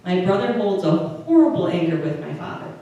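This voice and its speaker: Woman pastor giving a sermon, kinda low mellow voice, mic far off in a really echoey room. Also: sing-song, lo-fi sound. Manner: conversational, with halting restarts. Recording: distant mic in a very echoey room with faint noise.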